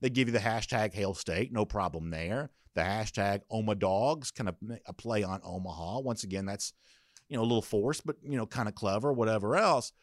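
A man's voice: on the low side, normal speed, dry recording, clean studio sound. A man hosting a sports podcast, giving opinionated, conversational commentary with frequent fillers and restarts.

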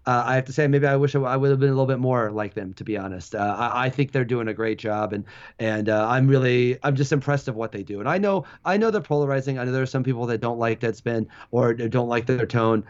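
A middle-aged man talking casually as an interview guest, animated, laughing often and restarting sentences. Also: mid-range voice, fast talker, clean tone. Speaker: guest, former sports website founder. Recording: dull lo-fi audio.

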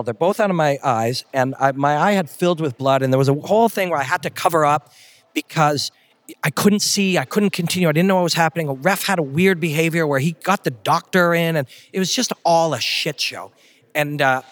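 A man's voice: a little high, no echo. A middle-aged man from Canada, a guest telling stories in an interview, emphatic and blunt with salty language. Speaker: guest, fight commentator. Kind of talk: casual interview storytelling.

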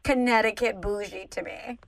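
A woman co-hosting a podcast, chatting casually and teasing her co-host in an animated way. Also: fairly high pitch, normal speed, vocal fry, no echo, poor audio. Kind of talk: casual chat. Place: Saint Louis.

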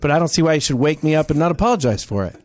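A man's voice: fairly high pitch, animated, very fast, a little mellow. A man telling a story in casual chat, acting out both sides of an argument with many restarts.

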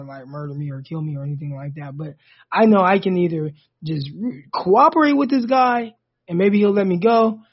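A man in his thirties, co-hosting a podcast and telling a personal story in a casual, animated way that rises sharply when he gets indignant. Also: high voice. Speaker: podcast co-host. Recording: dull lo-fi sound.

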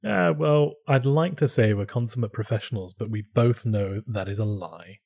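A man hosting a podcast in casual chat, animated and joking. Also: fairly low pitch, normal speed, gravelly, noisy background. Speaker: podcast host.

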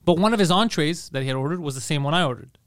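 A man telling a story in casual chat, animated and profane, acting out what people said. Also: a little high, rapid-fire, clean tone, no echo, clean studio sound. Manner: animated, profane, acts out quotes.

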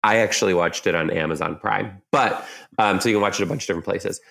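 A young man co-hosting a casual podcast, animated and joking with quick asides. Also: low voice, creaky. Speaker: podcast co-host. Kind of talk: casual chat.

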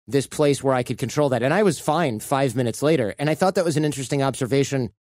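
Relaxed male podcast host, dry sound. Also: medium pitch, fast talker, no echo. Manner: relaxed, tells anecdotes, thinks aloud. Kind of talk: conversational interview.

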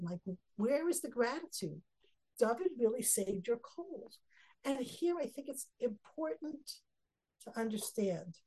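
A woman's voice: on the high side, mellow, breathy edge, poor audio. A woman teaching a Torah lesson, reading Hebrew verses and explaining them earnestly. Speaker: Bible teacher.

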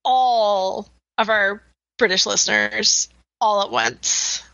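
A woman co-hosting a podcast, chatting casually in a quick, nerdy way and laughing often. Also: mid-range voice, expressive, vocal fry, a bit bright, no echo. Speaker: podcast co-host. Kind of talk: casual chat. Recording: slightly dull, lo-fi sound.

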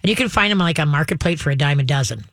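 On her call-in radio program, a low-pitched, animated woman gives dog-training advice one step at a time. Her delivery is brisk and instructive, she frequently asks "okay?", and the audio has no echo.

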